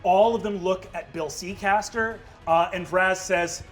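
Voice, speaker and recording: A man narrating as the game master of a tabletop game, fast and full of fillers. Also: high voice, steady tone, a bit bright, soft background music. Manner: quick narration with many fillers.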